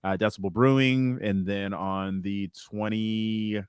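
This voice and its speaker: A man's voice: on the low side, steady tone, unhurried, clear, resonant tone, no echo. A man on a comedy podcast, listing his show dates hesitantly with lots of fillers and chuckles. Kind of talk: casual chat.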